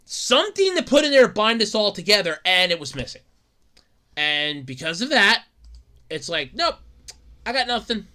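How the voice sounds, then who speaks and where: A man talks alone on his podcast in a loose, rambling way, stumbling over restarts and circling back to the same point. His voice sits a little high and very bright, and it swings up and down freely. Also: sing-song, normal speed. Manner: rambling, repeats himself, stammering restarts. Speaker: podcast host. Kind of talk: casual solo podcast rant.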